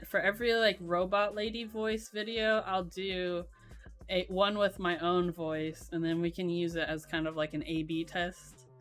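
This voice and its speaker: A young woman streaming, chatting casually while she builds a keyboard, in a voice she calls monotone and with frequent laughter. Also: mid-range voice. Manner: self-described monotone voice, laughs often.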